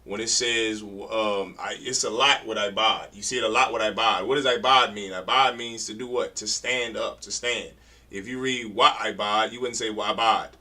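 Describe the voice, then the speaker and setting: A man's voice: fairly low pitch, steady tone, moderate pace, sharp tone, low-quality recording. A man teaching a class to read Hebrew, correcting students and stressing pronunciation in a colloquial way. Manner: emphatic, corrects readers, colloquial. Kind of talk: classroom instruction.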